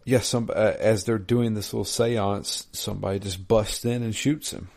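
A laid-back man chatting about a game. His voice is very low and gravelly with fry. He fills his pauses with um and uh. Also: fairly even intonation, darkish tone. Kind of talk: casual chat about a video game.

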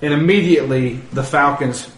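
A man's voice: a little high, a little fast. A man narrating as game master of a tabletop game, laughing often and describing scenes. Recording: echoey room with faint noise.

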